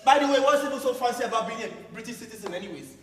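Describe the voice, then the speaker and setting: A man's voice: very high-pitched, animated, racing, fairly bright tone. A man in his twenties with a Nigerian accent, acting in a stage drama as a young man pleading with his fiancée, emphatic and often laughing. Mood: indignant. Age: 20s. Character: Nigerian man, passionate, loving, frustrated. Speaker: stage actor. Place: theater stage. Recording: echoey hall from far off, audience.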